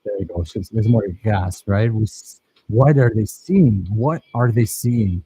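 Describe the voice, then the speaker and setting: A man's voice: lowish voice, a little slow, warm tone, husky, no echo, rough recording. A man teaching a filmmaking workshop, talking casually and enthusiastically over his own footage and praising his students.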